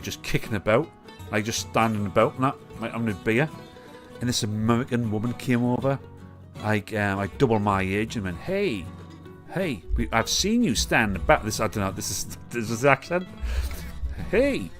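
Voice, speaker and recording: A man's voice: mid-range voice, a bit bright. A young man from England hosting a live stream, ranting casually with lots of swearing and reading out chat comments. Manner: swearing, rambling, reads chat comments aloud. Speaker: livestream host.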